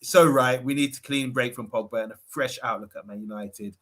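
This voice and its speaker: Bright-voiced jokey male co-host. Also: mid-range voice, a little fast. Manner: reads out viewer comments, jokey, laughs often. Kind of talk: casual livestream chat.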